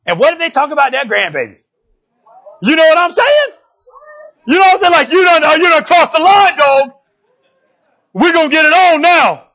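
A man preaching with a very high, bright, sharp voice, and he keeps it loose and conversational, throwing in slang and asking the room whether they follow. The recording sounds dull and lo-fi. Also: normal speed, pauses often. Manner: animated and conversational, casual slang and rhetorical asides. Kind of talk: sermon.

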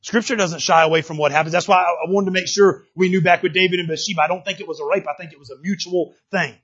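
Middle-aged male preacher, high husky voice, animated delivery with loud and quiet turns. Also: fast talker. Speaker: pastor. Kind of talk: sermon. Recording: dull lo-fi recording.

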